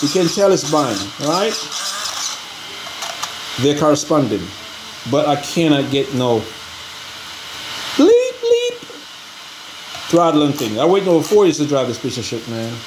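A man's voice: fairly high pitch, lively intonation, moderate pace, long pauses. A man hosting a casual RC hobby vlog, rambling in an exasperated way and pleading with viewers for help. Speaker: RC hobby channel host. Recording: noisy ambient background.

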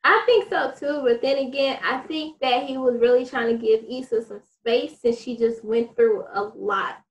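A woman's voice: on the high side, moderate pace, highs cut off. A woman co-hosting a casual TV recap chat, easygoing and agreeable. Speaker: co-host.

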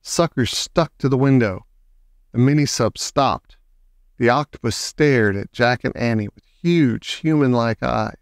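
An audiobook reader slowly and expressively reads a children's book aloud in a storytelling style. His voice is medium-pitched, and the recording is dry with clean studio sound.

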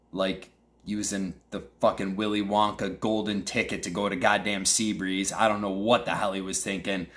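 A man's voice: fairly low pitch, fairly bright tone. A young man with a Western New York accent hosts a podcast, trash-talking his fantasy football league in a crude, mock-angry rant. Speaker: podcast host.

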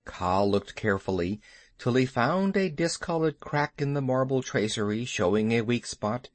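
A man narrating a classic animal story in an expressive, measured way. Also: medium pitch, dry recording. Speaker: audiobook narrator. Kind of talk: scripted narration.

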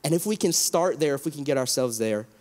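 Man, 30s, pastor; earnest and emotional, slightly high voice, long hall reverb. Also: lively intonation, darkish tone. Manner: earnest and emotional, with halting restarts. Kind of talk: heartfelt panel discussion.

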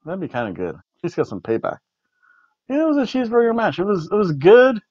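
With a high-sitting, darkish voice, huge pitch swings, and a fast delivery, a podcast co-host rambles through a casual wrestling event review. He repeats words and rates matches with food jokes. The recording is dull, dry, and lo-fi.

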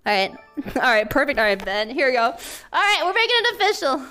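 A young woman livestreamer chats casually and excitably with her audience. Her voice is high, bright and sharp, and her pitch swings widely. She often jumps from chatter into squealing shouts. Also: fairly quick, soft background music. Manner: excitable, bursts into shrieking shouts and laughter. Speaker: streamer.

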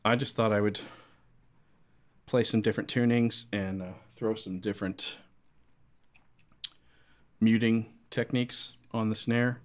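A man's voice: fairly low pitch, steady tone, a little slow, pauses often. A man hosting an unscripted drum vlog from his studio, sweaty and out of breath, talking in a loose, rambling way with many fillers. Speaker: drummer and channel host.

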